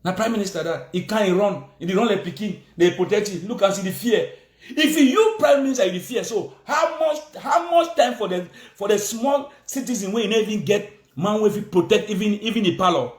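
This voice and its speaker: A man's voice: high-pitched, expressive, brisk, reverberant. Heated man with Cameroonian Pidgin accent. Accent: Cameroonian Pidgin English. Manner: heated, repetitive, scolding. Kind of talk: angry political rant.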